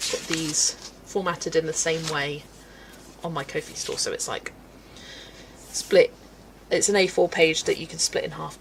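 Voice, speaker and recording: A woman's voice: low-pitched, vocal fry, a little hiss or hum, low-quality recording. A woman from England's West Country, chatting casually and laughing often as she reads out viewer comments while colouring on a livestream. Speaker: livestream host.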